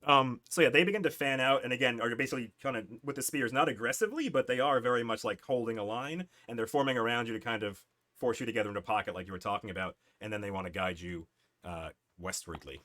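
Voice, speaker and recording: A man's voice: mid-range voice, fast talker, pushed and bright. A man narrating a tabletop game as game master, loose and chuckling, correcting himself as he goes.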